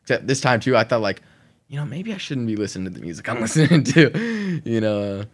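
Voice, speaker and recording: A man's voice: medium pitch, big pitch swings, fast talker, breathy edge. A man from Oklahoma telling his own story on a podcast, rambling with many fillers and breaking into laughs between sentences. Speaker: guest sharing his testimony.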